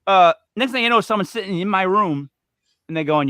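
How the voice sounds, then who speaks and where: A man co-hosting a podcast, telling a rambling story with animated, voiced quotes. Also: sits high, a little fast, clean tone, no echo, clean studio sound. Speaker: podcast co-host. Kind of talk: storytelling banter.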